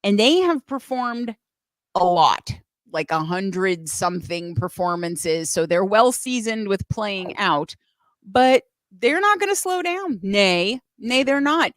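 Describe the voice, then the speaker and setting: A woman's voice: medium pitch, lively intonation, takes it slowly, dry recording. A woman hosting a live music show, bubbly and playful, laughing often. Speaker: host.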